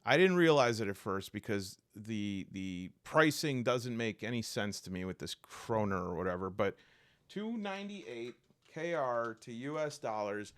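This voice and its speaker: A man rambles through an unboxing, his pitch leaping up and down as he grows exasperated. He restarts his sentences often and talks casually, straight to the viewer. The sound is dry and close, with no room echo. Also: lively intonation, measured pace. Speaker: tabletop game reviewer.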